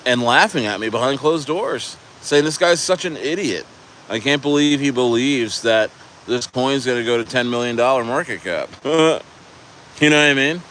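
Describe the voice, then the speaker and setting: A man rambling through a casual live stream, stumbling over his words and swearing freely. His voice is bright and forceful. A faint hum of a vehicle sits behind him. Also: mid-range voice. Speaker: crypto streamer.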